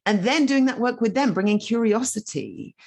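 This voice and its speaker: Lively husky-voiced woman coach. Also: a little high, moderate pace. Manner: animated, explaining with many asides. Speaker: guest, storytelling coach. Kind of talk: casual podcast conversation.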